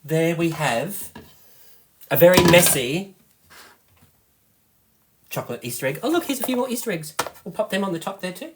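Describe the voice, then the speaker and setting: Excitable Australian man demonstrating cooking. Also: high-pitched, normal speed, pauses often, noisy background. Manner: excitable, chatty, giggly. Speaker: host, product seller.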